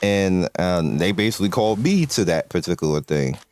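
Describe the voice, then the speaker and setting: A man's voice: sits low, animated, fairly quick, darkish tone. A man from the United States chatting casually as a gaming video creator, rambling with lots of fillers and restarts and laughing often.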